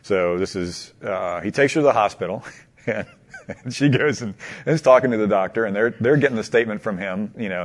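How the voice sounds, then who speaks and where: A man telling a long anecdote to a small group in a casual, halting way, asking them questions along the way. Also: on the low side. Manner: animated, halting, many restarts and laughs. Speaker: teacher leading a group discussion.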